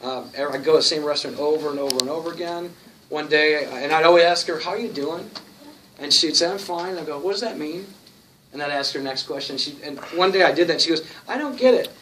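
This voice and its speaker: Storytelling pastor, distant and hissy. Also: male voice, a little high, fast. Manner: storytelling, animated, acts out quotes. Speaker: church planter and pastor. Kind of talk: conference talk. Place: conference room. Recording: distant mic with noticeable hiss.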